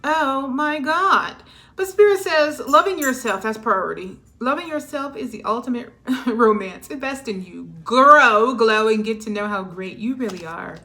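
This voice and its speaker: A woman giving a casual tarot reading, talking animatedly with laughing asides and swinging between low mutters and loud exclamations. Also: lively intonation, measured pace. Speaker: tarot reader. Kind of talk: casual spiritual reading monologue.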